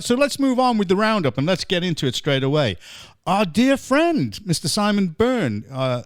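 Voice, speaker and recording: A man's voice: fairly high pitch, no echo, clean studio sound. A man hosting a comic online pub chat, talking in a theatrical, jokey, mock-grand way. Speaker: podcast host.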